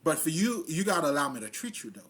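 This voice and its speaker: Husky, higher-pitched man riffing on spirituality. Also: big pitch swings, fast talker, a bit bright. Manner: loose, profane, street slang, often laughing. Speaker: spiritual vlogger. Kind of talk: casual spiritual monologue.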